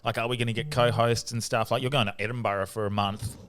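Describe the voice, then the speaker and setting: An Australian man hosting a podcast, talking in a relaxed, easily amused way. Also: medium pitch, quick pace, slight background noise. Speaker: podcast host. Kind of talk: casual podcast chat.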